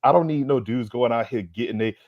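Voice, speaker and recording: A man's voice: mid-range voice, brisk, dry recording, lo-fi sound. Man on a profane, fired-up sports rant. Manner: profane, fired-up, repeats himself for emphasis; streetwise slang. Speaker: podcast co-host. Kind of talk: heated sports roast rant.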